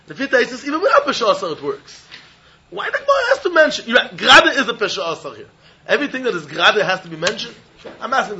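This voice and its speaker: A man teaching a Talmud study lecture. He pitches questions in a high, bright voice that swoops up and down. The recording is dull and lo-fi. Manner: animated, questioning, mixes Yiddish phrases into English.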